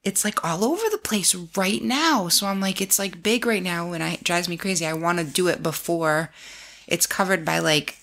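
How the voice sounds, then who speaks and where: A woman's voice: lowish voice, normal speed, fairly bright tone. A young woman co-hosting a podcast in casual chat, rambling with lots of "like". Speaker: podcast co-host.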